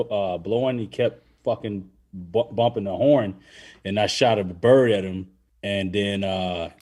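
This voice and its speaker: A man's voice: medium pitch, darkish tone. An adult man telling a rambling, profane story in casual podcast chat. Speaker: podcast host.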